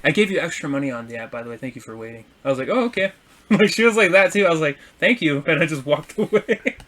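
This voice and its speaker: A man's voice: a little high, quick pace. A young man co-hosting a casual podcast, telling a delivery story with lots of acted-out dialogue and frequent laughs. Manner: animated storytelling, acts out dialogue, laughs often. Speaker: podcast co-host.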